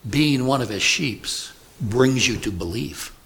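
A man preaching an expository sermon at an unhurried, measured pace. His voice sits at an ordinary middle pitch. He leans on key words and keeps asking the congregation rhetorical questions. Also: lively intonation, vocal fry, a bit bright. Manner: deliberate, emphatic, asks the congregation rhetorical questions.

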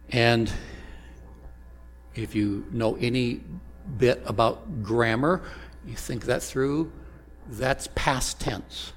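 This pastor's voice is mid-range as he preaches with slow, deliberate care, posing rhetorical questions to the people in front of him.

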